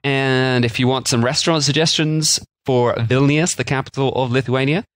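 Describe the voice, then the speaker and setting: A man's voice: mid-range voice, steady tone, moderate pace, fairly bright tone, no echo. A man co-hosting a casual food podcast, rambling and joking as he explains history. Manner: jokey, rambling, slips into silly voices. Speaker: podcast co-host.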